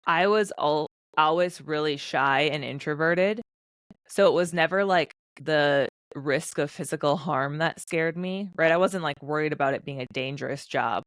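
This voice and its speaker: A woman in her thirties, a former fighter pilot, chatting as a podcast guest in an animated storytelling way, acting out quotes. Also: deep voice, dry recording. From United States. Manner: animated storyteller, quick bursts, acts out quotes. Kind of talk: casual interview conversation.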